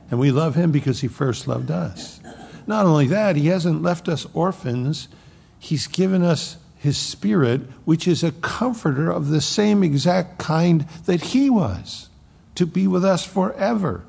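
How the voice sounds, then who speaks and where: A man's voice: a little high, vocal fry, darkish tone, breathy edge. A man in his seventies preaching a sermon, quoting scripture with emphasis and slipping in folksy jokes. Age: 70s. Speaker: pastor. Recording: long hall reverb.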